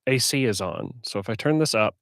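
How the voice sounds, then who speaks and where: A man's voice: fairly low pitch, expressive, fairly quick, gravelly, dry recording, studio quality. A man with a slightly scratchy voice, rambling casually to himself as he sets up a live stream. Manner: rambling self-talk while setting up software. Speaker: streamer and audiobook narrator. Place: home recording setup.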